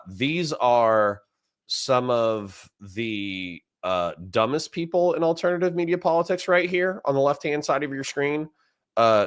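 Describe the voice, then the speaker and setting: Blunt low-voiced male streamer. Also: fairly bright tone, no echo, clean studio sound. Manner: blunt, mocking, rambling with fillers. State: grumpy. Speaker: political commentary streamer. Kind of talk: casual live stream commentary.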